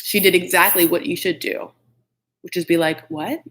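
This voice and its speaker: A man's voice: high-pitched, flat delivery, normal speed, fairly bright tone. A man hosting a live chat recap of a reality show, gossipy and blunt, with frequent "like" and mocking impressions of the cast.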